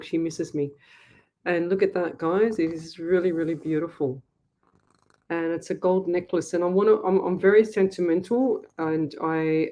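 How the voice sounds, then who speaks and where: A woman from Australia chats warmly and gushingly on a home livestream, her voice sitting a little low. She talks straight into a webcam, restarting her sentences often, with faint hiss underneath. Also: rough recording. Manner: gushing, chatty, many restarts. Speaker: psychic medium, livestream host. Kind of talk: casual livestream chat. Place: home office.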